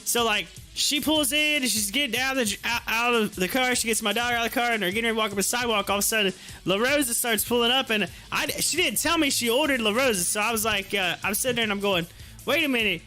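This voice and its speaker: Brief: chatty male streamer, very high bright voice, faint music behind. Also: fast talker. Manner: chatty, laughs often, frequent restarts. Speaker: live stream host. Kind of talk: casual chat, storytelling. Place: home.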